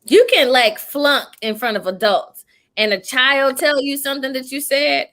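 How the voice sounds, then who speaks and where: A young woman preacher in casual chat, telling stories in an animated, emotional way with church expressions. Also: high voice, moderate pace. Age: young adult. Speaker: preacher and podcast host.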